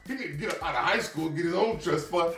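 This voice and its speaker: A man's voice: fairly high pitch, quick pace. A man co-hosting a reaction video, telling funny stories in casual chat, laughing and acting out the voices of family members. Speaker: reaction channel co-host. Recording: echoey room, mic at a distance, soft music behind.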